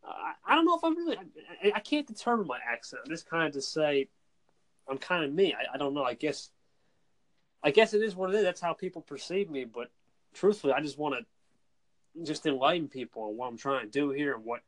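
A man's voice: medium pitch, fairly bright tone. A man with a Northeastern US accent, calling in to a casual podcast chat, talking earnestly and repeating himself. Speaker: guest caller.

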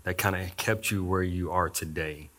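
A man's voice: low-pitched, fairly even intonation, moderate pace. A male pastor preaching a sermon in a conversational way, with restarts. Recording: loud music behind the voice.

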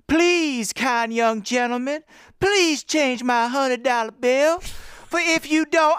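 A man's voice: extremely high pitch, a bit bright, clear, resonant tone, dry recording, clean studio sound, pitched above the performer's own voice, exaggerated voice. A man voicing a mocking, stout teenage prankster with a put-on American Southern accent, theatrical and wheedling. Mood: mock pleading.

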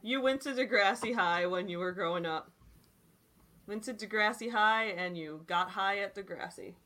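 A woman in her twenties hosting a casual chat and reading articles aloud, animated and chatty, full of "like" and "dude". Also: medium pitch, moderate pace.

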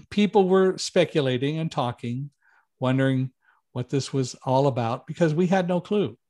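A middle-aged man telling a personal story as an interview guest, lively, acting out quoted lines with raised voice. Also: a little slow. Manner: animated, raises pitch and volume for quoted lines. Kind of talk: conversational storytelling.

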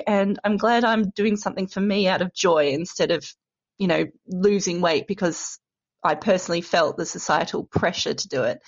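An Australian woman leaves a relaxed, giggly voice message and swears now and then. The sound is muffled and lo-fi, like a phone recording. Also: mid-range voice. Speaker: caller leaving a voice message.

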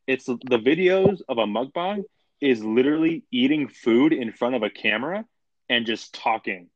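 A man's voice: medium pitch, lively intonation, moderate pace, no room sound, dull audio. A young man co-hosting a casual podcast chat, blunt and opinionated, talking in slangy, run-on sentences. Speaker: podcast co-host.

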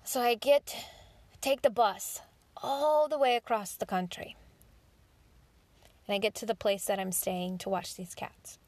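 A woman's voice: medium pitch, fairly even intonation, unhurried, pauses often, darkish tone, no echo. A woman hosting a podcast, telling a personal story in a candid monologue, swearing freely and acting out her own inner thoughts. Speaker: podcast host.

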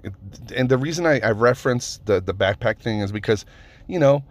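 A man's voice: mid-range voice, lively intonation, fairly quick. A man telling a story in a casual, rambling rant, swearing often and stopping to restart his sentences with lots of fillers.

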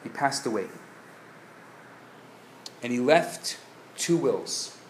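A man, a rabbi, telling a story in a live lecture, swinging from hushed tones to loud bursts. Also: mid-range voice, sing-song, slow pace, a little hiss or hum. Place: synagogue lecture hall, live audience. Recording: echoey live room with faint ambience.

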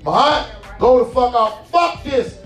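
A man voicing his foul-mouthed, impatient older great-aunt, loud and shouting. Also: a little high, lively intonation, a little slow. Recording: roomy hall, distant mic, faint music.

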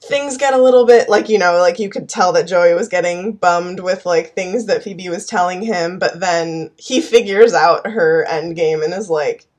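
An easygoing woman co-hosting a podcast, her voice sitting a bit low. She talks loosely, with plenty of "like" fillers. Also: normal speed, hardly any pauses, darkish tone. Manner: easygoing, heavy use of "like". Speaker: podcast co-host. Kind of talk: casual chat.

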